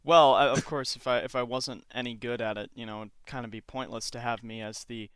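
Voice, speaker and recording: Smooth-voiced joking young man host. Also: medium pitch, fairly even intonation, a little fast, fairly bright tone, dry recording, clean studio sound. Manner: joking, ironic, laughs often. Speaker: podcast host. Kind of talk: casual podcast chat.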